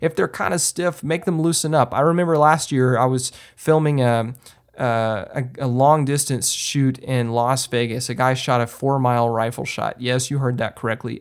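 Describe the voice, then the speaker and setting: A man hosting a podcast, giving casual how-to advice in an emphatic way, with lots of ums and restarts. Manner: lively swings up in pitch when stressing a point. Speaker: podcast host and filmmaker. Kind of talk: casual instructional talk.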